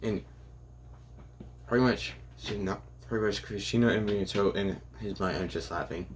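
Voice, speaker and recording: Young man, low voice, casual rambling story narration, halting, faint background hiss. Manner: rambling, halting, many fillers and restarts.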